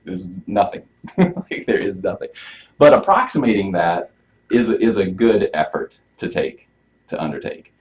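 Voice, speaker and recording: Before a small live audience in a room, a low-pitched chiropractor leads a health workshop with big pitch swings at normal speed. He's casual, often asking the audience questions, and the recording is dull and lo-fi.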